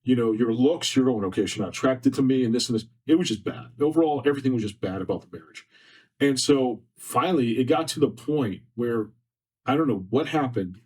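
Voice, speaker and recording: A man's voice: mid-range voice, animated, fairly quick, darkish tone, slightly rough. A man on a podcast, sharing a personal story in an earnest, repetitive, emotional way. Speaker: podcast guest. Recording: distant mic from faulty setup.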